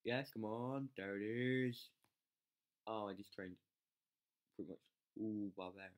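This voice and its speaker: A gamer commentating live gameplay, excitable, yelling at troops, swearing and mocking themself. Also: medium pitch, a little slow. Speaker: game channel host.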